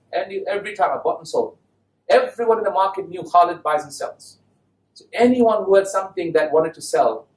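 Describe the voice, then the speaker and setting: A man giving a lively talk to an audience, often asking the listeners questions. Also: on the high side. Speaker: Islamic speaker giving a talk. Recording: echoey hall, mic at a distance.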